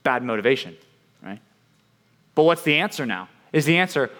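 A male youth preacher with a voice of ordinary pitch, neither high nor low. He talks to his young listeners casually, checks in with "right?" and slips into playful voices for the people he quotes. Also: big pitch swings, normal speed, fairly bright tone. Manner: conversational, keeps asking "right?" and acts out quoted voices.

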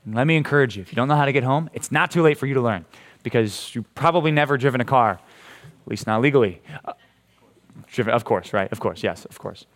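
Lively youth pastor, man, joking. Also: mid-range voice, fast. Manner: energetic, casual and joking, asks rhetorical questions. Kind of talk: youth sermon.

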